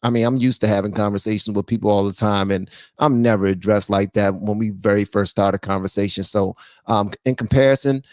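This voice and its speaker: A man hosting a livestream, reacting to clips in casual, animated commentary and often repeating phrases. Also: lowish voice, fairly quick, few pauses, dry recording, studio quality. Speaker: host.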